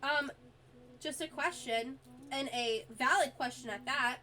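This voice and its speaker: A woman's voice: high-pitched, a little slow, pushed and bright. A woman streamer, sick with a cough, chatting casually and telling a story in an exasperated way, full of "like" fillers.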